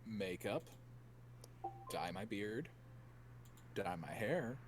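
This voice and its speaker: A man plays his character in a tabletop role-playing game with a sarcastic, joking manner. His voice sits low but moves around a lot. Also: very animated, extremely slow, faint music behind. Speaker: player.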